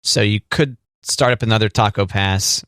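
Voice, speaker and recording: A man's voice: fairly low pitch, normal speed, fairly bright tone, smooth, dry recording, clean studio sound. A man hosting a podcast in casual chat, explaining things in an easygoing, wry way. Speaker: podcast host.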